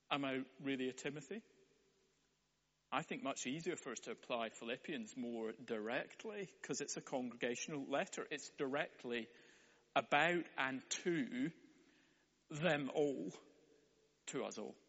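A man's voice: fairly high pitch, fairly bright tone. A man preaching a sermon in a wry, conversational way. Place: church hall. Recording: echoey hall, dull sound.

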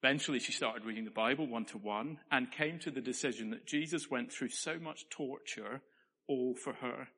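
A man's voice: mid-range voice, normal speed, fairly bright tone, slightly rough. Man preaching in a reverberant church. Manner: earnest, conversational, playful asides. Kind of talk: sermon.

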